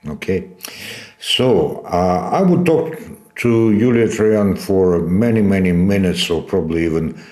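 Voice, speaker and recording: A man hosting a podcast interview, speaking slowly and earnestly. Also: deep voice, lively intonation, darkish tone. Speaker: podcast host.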